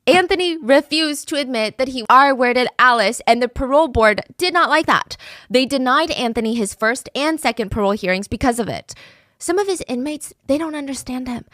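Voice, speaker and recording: A woman's voice: sits high, lively intonation, moderate pace, fairly bright tone, no room sound, studio quality. Chatty woman telling a true crime story. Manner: conversational, with fillers like "like" and "I mean".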